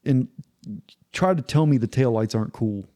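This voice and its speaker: A man's voice: mid-range voice, normal speed, warm tone. A man hosting a casual podcast chat, opinionated and enthusiastic, often restarting his sentences. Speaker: podcast host.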